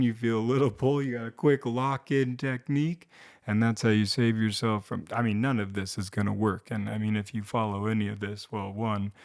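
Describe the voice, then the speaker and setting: A young man telling a comedic story to camera in a rambling, self-deprecating way, with sarcastic asides. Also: medium pitch. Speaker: storytime vlogger.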